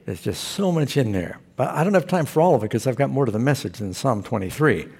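Man, pastor, sermon, husky, medium pitch, humorous storytelling, rhetorical questions. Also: expressive, quick pace, a little mellow. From Southern California.

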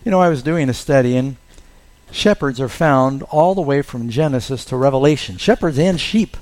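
A man delivering a sermon in a storytelling way, with a voice of middling pitch. He slows and lifts his voice to stress key phrases. He retells the story for his listeners. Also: darkish tone. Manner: storytelling, leans on key words with slowed emphasis. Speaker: preacher.

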